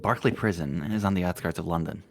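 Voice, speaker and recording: A man's voice: low voice, fast talker, creaky, noisy background. A man narrating a visual novel aloud on a stream, stumbling and correcting himself. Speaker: narrator of a game reading.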